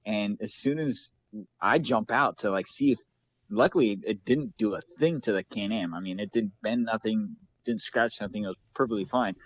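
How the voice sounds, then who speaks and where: A man's voice: fairly low pitch, moderate pace, no echo, highs cut off. A man who is a guest on a podcast, talking in an easygoing way and often laughing. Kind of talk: casual chat.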